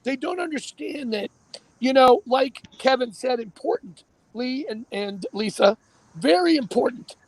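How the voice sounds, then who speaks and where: A man hosting a casual talk show, talking in an animated, emphatic way and often repeating himself. His voice sits very high and sounds gravelly and husky. The sound is dry and close. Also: unhurried, no room sound. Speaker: show host.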